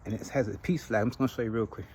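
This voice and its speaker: A Trinidadian man hosting a podcast in a casual monologue, telling animated stories and laughing often. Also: on the low side, very fast, a little hiss or hum, rough recording. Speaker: podcast host.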